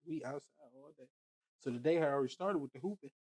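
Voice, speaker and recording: A man trades stories on a casual podcast at a medium pitch. He is laid-back and profane and laughs often while he talks. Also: fast talker, darkish tone, breathy edge, no room sound. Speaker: podcast co-host.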